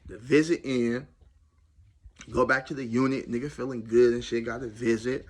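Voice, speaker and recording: A man telling a jail story in a casual, animated and slangy way. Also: moderate pace. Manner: animated, slangy, loud swings of pitch. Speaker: storyteller recounting jail time.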